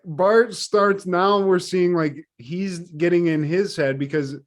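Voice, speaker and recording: A man's voice: high voice, takes it slowly. Laid-back, profane man recapping a cartoon. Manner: loose and profane, laughing often. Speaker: podcast co-host. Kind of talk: casual chat recapping a cartoon episode.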